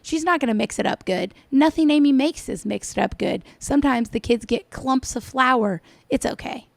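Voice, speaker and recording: Snarky female reaction commentator, higher pitch, dry close mic, scolding tone. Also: normal speed, vocal fry, no echo. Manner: sarcastic, scolding, mocking. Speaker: commentator reacting to another vlogger.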